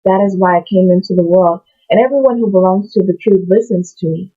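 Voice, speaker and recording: A woman reading aloud the words of a calm adult male teacher, in a plain, steady reading voice. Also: mid-range voice, brisk, slightly rough, close to an everyday voice. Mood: earnest. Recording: tinny phone-like sound.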